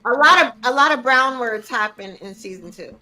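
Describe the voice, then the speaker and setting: A woman's voice: on the high side, lively intonation, moderate pace, sharp tone, rough recording. A woman co-hosting a TV review show in casual chat, laid-back, explaining and chiming in.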